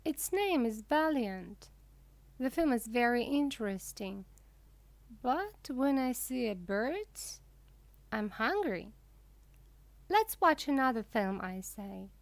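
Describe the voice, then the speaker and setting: A woman reading a children's storybook aloud slowly and clearly for English learners. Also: no echo. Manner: clear, deliberate reading with lively pitch. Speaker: reader.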